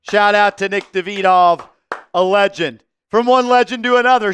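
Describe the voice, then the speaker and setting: A man hosting a fan live stream, calling plays and giving chat shout-outs, bursting into shouts and sing-song calls on big shots. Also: high voice, moderate pace, smooth, faint music behind. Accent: New York. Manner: shouts and sings-along on made baskets, then calmer commentary.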